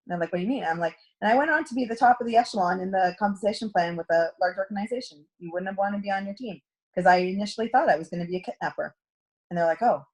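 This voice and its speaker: A woman's voice: medium pitch, very fast. A middle-aged woman coaching a direct sales team in a chatty storytelling talk, acting out quoted dialogue. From Canada.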